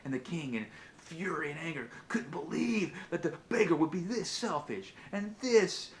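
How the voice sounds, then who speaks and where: A man vlogging, telling a motivational fable in an animated, casual way with frequent restarts. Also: on the high side, normal speed, slight background noise. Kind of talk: motivational storytelling.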